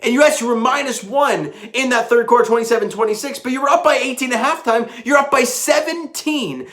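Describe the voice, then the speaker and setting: A man's voice: extremely high pitch, brisk, fairly bright tone. A man recording a casual post-game recap as a fan commentator, talking emphatically and conversationally. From Canada.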